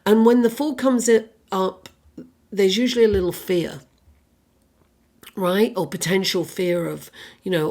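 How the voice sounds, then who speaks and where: A woman's voice: mid-range voice, expressive, measured pace, creaky, darkish tone. A woman giving a casual tarot reading, rambling and chatty with lots of "you know" and "right?", a little under the weather with a cough, and with an accent that is not American. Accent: non-American. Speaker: tarot reader.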